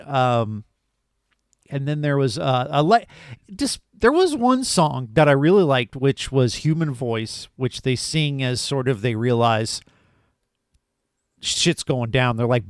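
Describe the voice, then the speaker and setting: A man's voice: medium pitch, lively intonation, a little slow, smooth, no room sound, studio quality. A man co-hosting a podcast, chatting eagerly about a film and rambling with fillers. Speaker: podcast co-host. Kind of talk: casual movie review chat.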